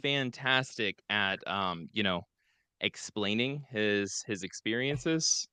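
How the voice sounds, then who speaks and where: A man's voice: lowish voice, animated, takes it slowly, sharp tone, smooth, no echo. A man hosting a casual call-in show, talking in a loose, rambling way. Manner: laid-back, rambling, with fillers. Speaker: show host.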